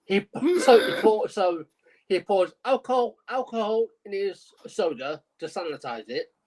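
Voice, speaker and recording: Man, slightly high voice, slow pace, halting amused podcast reader. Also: expressive, darkish tone, rough recording. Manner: amused, halting delivery with restarts. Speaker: podcast co-host. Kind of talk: reading a news article on a podcast.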